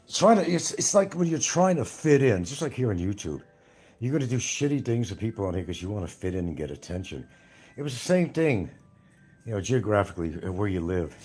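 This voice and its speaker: Low husky older man with a hint of New York. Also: a little mellow. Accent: slight New York. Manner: meandering, repeats himself, reads viewer comments. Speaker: YouTube livestream host. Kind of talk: rambling live-stream chat.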